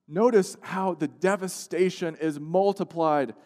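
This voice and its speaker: A male pastor delivering a sermon, moving from hushed, slow passages to loud, emphatic outbursts. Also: fairly high pitch, lively intonation. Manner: preaching with swings from hushed to emphatic. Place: church sanctuary. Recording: long church-hall reverb.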